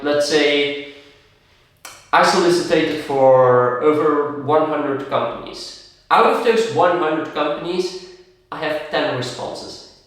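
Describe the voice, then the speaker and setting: A man's voice: on the high side, fairly bright tone. A man hosting a podcast, explaining business ideas through examples and acted-out contrasts. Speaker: podcast host. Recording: very echoey room, distant mic.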